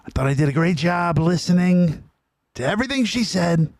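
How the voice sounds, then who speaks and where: A man's voice: high voice, lively intonation, normal speed, darkish tone, dry recording, studio quality. A man who is a comedian hosts a podcast, trading teasing banter in casual chat.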